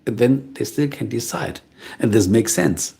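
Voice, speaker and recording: Calm husky middle-aged man. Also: medium pitch, measured pace. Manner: calm, musing, answers viewer comments. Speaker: voiceover artist hosting a livestream. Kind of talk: casual live-stream chat.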